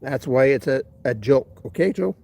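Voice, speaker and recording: Mellow-voiced man chatting with his stream. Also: mid-range voice, expressive, normal speed, creaky. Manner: rambling, talks straight to his chat. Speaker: livestream host. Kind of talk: casual live chat.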